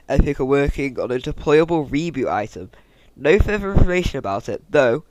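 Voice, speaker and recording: A man, chatting casually through game news as a YouTuber, with jokey asides and a fairly monotone delivery. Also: mid-range voice. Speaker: gaming YouTuber. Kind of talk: casual game-news commentary over gameplay.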